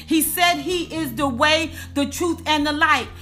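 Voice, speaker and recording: A woman's voice: sits high, pushed and bright, faint music behind. A woman giving a preaching-style wellness talk, calling her listeners y'all and repeating lines for emphasis. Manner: repeats lines for emphasis, slow drawn-out punch words. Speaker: faith and wellness speaker.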